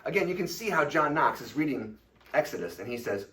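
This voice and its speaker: A man giving a lively, informal lecture at a church, with casual fillers and quick asides. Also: on the high side, far from the mic, low-quality recording. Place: church hall.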